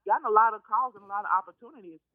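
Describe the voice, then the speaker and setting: High-voiced young man on a tinny phone line. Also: rapid-fire, no room sound. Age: young adult. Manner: chatty, lots of fillers. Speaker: guest. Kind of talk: casual interview over the phone.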